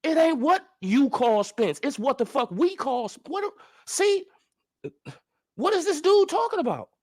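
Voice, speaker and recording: A man's voice: extremely high pitch, sing-song, normal speed, darkish tone. A man ranting in sports commentary as a vlogger, profane and incredulous, firing off heated rhetorical questions.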